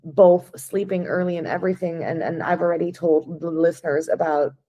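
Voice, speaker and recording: Woman podcast host, curious and low-pitched. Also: steady tone, normal speed, warm tone. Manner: curious, conversational questioning. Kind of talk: casual interview chat.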